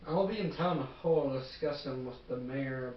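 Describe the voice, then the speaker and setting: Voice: mid-range voice, measured pace. A tabletop game player who speaks briefly and matter-of-factly in character. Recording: echoey, distant, dull room recording.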